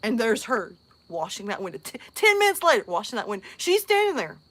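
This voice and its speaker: A woman hosting her channel, telling a story in a casual, animated way, laughing often and acting out other people in squeaky voices. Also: brisk. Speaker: channel host.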